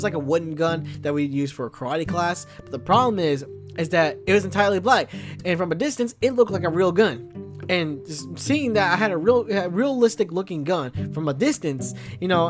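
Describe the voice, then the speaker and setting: Rambling young male podcaster over music. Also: high voice. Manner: rambling, many restarts and fillers. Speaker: podcast host. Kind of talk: comedic storytelling.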